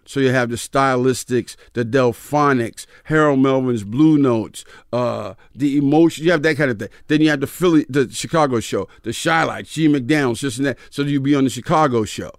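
A man's voice: medium pitch, moderate pace, dry recording, studio quality. A man, a comedian guest, telling stories casually in an interview and acting out the people he quotes. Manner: animated storyteller, acts out voices in quotes. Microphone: studio mic, dry garage room.

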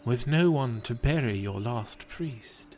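A kind young woman from a distant land speaks softly and sympathetically, as a male storyteller puts her on. The pace is slow and unhurried. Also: medium pitch, animated, slight background noise. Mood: sympathetic. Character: young woman traveler from far away, kind.

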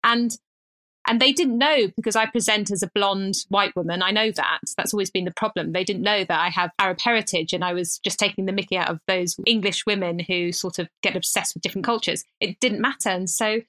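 Woman co-host, thirties, casual chatter, bright forward tone, quick restarts. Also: medium pitch. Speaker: podcast co-host. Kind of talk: casual chat.

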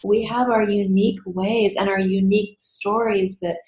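A woman's voice: mid-range voice, flat delivery, moderate pace, a little mellow, echoey room, rough recording. A woman podcast host in a candid conversation, a supportive and reflective listener.

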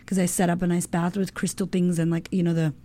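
A women's coach in her thirties speaks as a guest in casual conversation, her voice on the low side and her pace quick. She's animated and emotional, with plenty of fillers and the occasional swear word.

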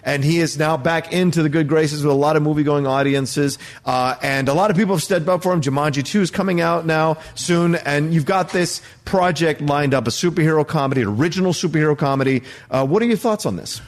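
A man hosting a casual movie news talk show, upbeat and joking, with quick asides. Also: on the high side. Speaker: host.

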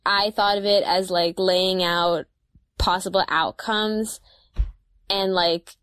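A woman's voice: mid-range voice, takes it slowly, smooth, dry recording. Young woman chatting, dry close sound. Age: young adult, about twenty. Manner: relaxed, thoughtful, many "like" fillers. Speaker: podcast co-host. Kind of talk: casual chat.

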